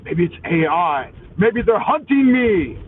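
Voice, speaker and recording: A man hosting a live stream from his minivan, loud and crude, cursing at other drivers while hopped up on coffee. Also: high voice, big pitch swings, unhurried. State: highly caffeinated. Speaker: vlogger, live-stream host. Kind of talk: profane driving rant on a live stream. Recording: tinny, phone-like with faint vehicle noise.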